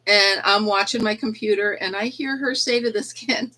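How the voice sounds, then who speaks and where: With baby chicks cheeping nearby, a woman livestreams by phone from her indoor yarn room, talking casually, laughing often, cooing at the chicks, and recounting school absences. She speaks at a moderate pace in a sharp, mid-range voice on a rough recording.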